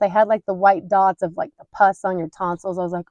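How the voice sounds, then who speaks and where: A woman in her thirties hosting a podcast, telling a family story in a candid, animated way and laughing at her own mishaps. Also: mid-range voice, fairly quick, no room sound, lo-fi sound. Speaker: podcast host. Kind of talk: casual storytelling.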